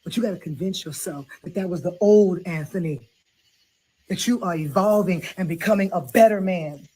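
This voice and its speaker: A woman's voice: on the low side, normal speed, mellow, slightly rough, rough recording. A blunt, preachy middle-aged woman hands out sassy advice in a comedy sketch, as a woman plays her. She talks about faith and forgiveness with plenty of laughing asides. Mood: heartfelt advice.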